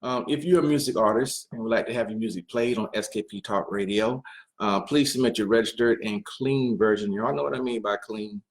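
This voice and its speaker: A man's voice: fairly low pitch, a little fast. A man hosting a talk radio show, making loose, unscripted announcements with frequent fillers.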